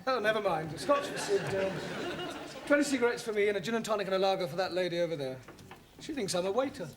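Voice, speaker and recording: A polite, exasperated male teacher who talks quickly in a high voice. A studio audience laughs behind him in this 1970s sitcom. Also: lively intonation, a crowd in the background. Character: patient adult male English teacher.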